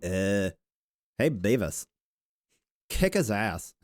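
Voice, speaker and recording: A man live-streaming a game, chatting loosely with his viewers and swearing, with sudden loud outbursts. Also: lowish voice, sing-song, drawn-out words. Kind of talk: casual live-stream chat while playing a game.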